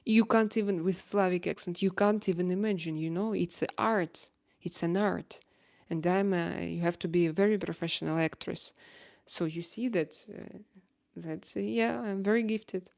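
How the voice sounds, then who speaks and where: A woman's voice: fairly low pitch, normal speed, gravelly, a little mellow. A middle-aged woman with a Russian accent hosting a casual livestream chat and reading viewer comments aloud. She talks hesitantly, with many filler sounds and playful teasing.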